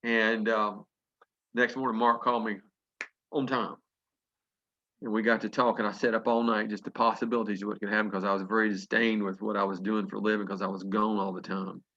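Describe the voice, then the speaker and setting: A man telling a folksy story to an audience, lively and chuckling as he acts out what people said. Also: lowish voice, brisk. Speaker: business testimonial speaker. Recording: dull lo-fi conference call audio.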